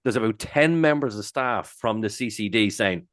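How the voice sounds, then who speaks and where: A man with an Irish accent, co-hosting a podcast and telling stories in casual chat, animated and swearing freely. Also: on the low side, normal speed, dry recording, clean studio sound. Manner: animated, swears freely, jumps into loud quoted exclamations. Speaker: podcast co-host.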